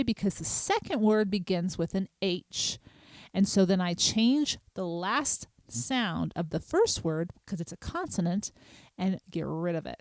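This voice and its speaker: A middle-aged woman, hosting a podcast and patiently explaining a small language lesson, spelling words out slowly. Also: on the low side, a little mellow, no echo. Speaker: podcast host.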